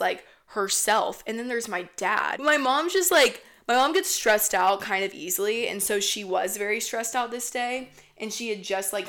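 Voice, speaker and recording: A young woman hosting a podcast, telling a story in a casual, rambling, profanity-laced way. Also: mid-range voice. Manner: profane, rambling, animated retelling. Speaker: podcast host.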